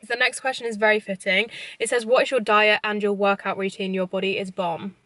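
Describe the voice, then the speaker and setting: A woman's voice: mid-range voice, little pitch movement, brisk, fairly bright tone. Girl in her 20s chatting from her car, eating while she talks. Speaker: YouTuber. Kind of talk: casual chat to camera. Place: parked car.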